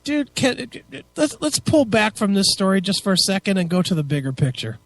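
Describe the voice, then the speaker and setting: A man's voice: sits high, big pitch swings, fairly quick. A man co-hosting a talk radio show, ranting crudely and mocking people with plenty of profanity. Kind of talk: casual talk radio banter.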